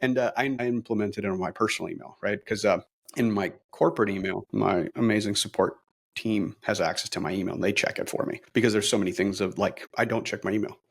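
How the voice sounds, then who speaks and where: A middle-aged man talking as an interview guest, energetic and optimistic, with many fillers and restarts. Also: on the low side, fast, creaky, slightly rough. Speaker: brokerage leader, interview guest. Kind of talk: casual interview talk.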